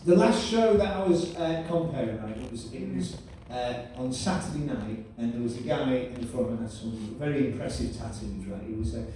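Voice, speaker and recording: A man's voice: mid-range voice, lively intonation, fairly quick, hardly any pauses, warm tone, a little hiss or hum. A man compering a live stand-up show, chatty and quizzing the crowd. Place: comedy venue. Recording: echoey room, voice far from mic.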